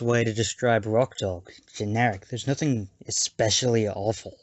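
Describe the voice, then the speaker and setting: A man's voice: fairly low pitch, fast talker, hardly any pauses, no echo. A man giving a sarcastic, jokey scripted movie review with mocking asides. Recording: dull lo-fi home mic.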